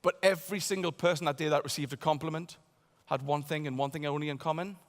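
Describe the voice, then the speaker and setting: An animated man delivering a motivational keynote with a fairly high voice. He tells his story with bursts of volume and quiet asides, and his voice echoes with a long reverb in a large conference hall. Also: fast.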